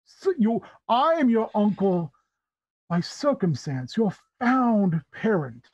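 A man voicing a refined, theatrical male cat who plays benefactor, speaking in an effusive, drawn-out way. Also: high-pitched, big pitch swings, darkish tone, slightly rough, no room sound, lo-fi sound, pitched above the performer's own voice, exaggerated voice. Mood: grandiose.

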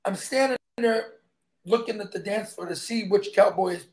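A man's voice: high voice, normal speed. A man who is a stuntman, guesting on an interview and telling emphatic stories in which he acts out the dialogue.

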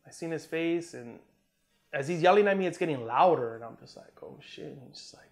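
A fast-talking man with a voice on the high side, an Army combat veteran from Southern California, tells a war story in a casual interview. He's relaxed and profane, full of "man" and "you know," and acts out the quotes.

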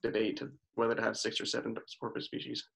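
A man scientist sharing research findings in a relaxed chat, hedging with fillers. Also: mid-range voice, quick pace, vocal fry. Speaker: marine mammal scientist co-host. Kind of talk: casual educational chat.

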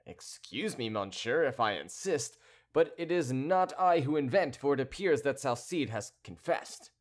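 A man voicing a sly, composed townsman who speaks politely and in a measured, teasing way. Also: medium pitch, expressive, lightly acted.

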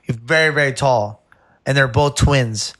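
Animated man telling a wild story. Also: mid-range voice, unhurried, no room sound, clean studio sound. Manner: animated, rambling, says "bro" a lot. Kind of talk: casual storytelling.

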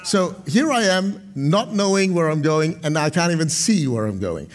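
A middle-aged male pastor preaching a sermon, moving between loud proclamations and quiet, chatty storytelling. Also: lively intonation, moderate pace. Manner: dynamic preaching, swings from loud proclamations to low storytelling asides.

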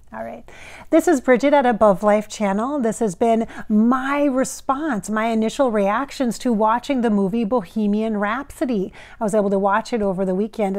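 A woman's voice: medium pitch, mellow. A woman psychic hosting her own channel, talking casually and earnestly to the camera and sometimes speaking directly to a spirit. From Minnesota. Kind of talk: casual reaction talk to camera.

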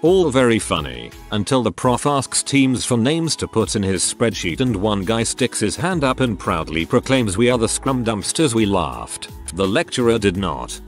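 Male narrator, low voice with lively inflection, scripted story reading, faint music bed. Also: moderate pace, few pauses. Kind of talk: scripted narration of online stories.

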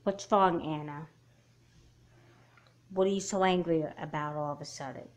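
A woman voicing a patient mother who gently comforts her daughter, in a homemade doll movie. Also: sits low, moderate pace. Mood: soothing. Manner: gentle, calming, calls her child honey. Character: patient, soothing mother of two girls.

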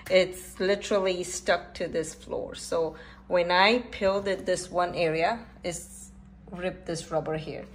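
A middle-aged woman talks slowly and rambles through a home repair, full of fillers and pauses. Her voice sits a little low and she sounds out of breath from pulling. Faint room ambience hangs behind her. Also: steady tone, a little hiss or hum. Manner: rambling, halting, with frequent fillers. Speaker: home vlogger. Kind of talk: casual home repair vlog.

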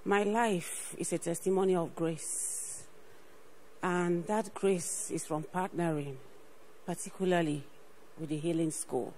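On stage at a church program, a woman who is a ministry partner gives an earnest personal faith testimony, repeating herself and often saying "you know." Her voice is lowish, a little mellow, and unhurried with fairly even intonation, on a low-quality recording with a little hiss or hum.

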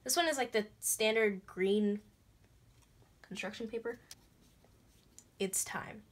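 A young woman chatting through a craft tutorial in a bubbly, excitable way, breaking into gasps and squeals. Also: medium pitch, slow pace, noisy background. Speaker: craft vlogger. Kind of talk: casual DIY tutorial chat.

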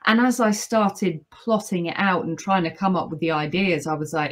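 A woman, an author and audiobook narrator, chatting as a podcast guest in a lively, playful way, laughing often. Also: fairly low pitch, moderate pace. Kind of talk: casual podcast interview.

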